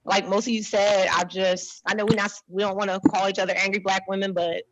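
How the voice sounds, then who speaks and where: A woman in her thirties from New Jersey doing a blunt, animated stand-up set, talking to the audience like a friend. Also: mid-range voice, brisk, background noise. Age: 30s. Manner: blunt, animated, conversational, repeats herself. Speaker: stand-up comedian.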